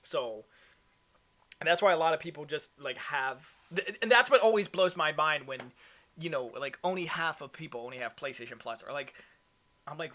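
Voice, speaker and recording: Podcast host, male, bright and slightly high voice, reads news off notes with stumbles and restarts. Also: normal speed. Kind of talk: casual gaming podcast chat.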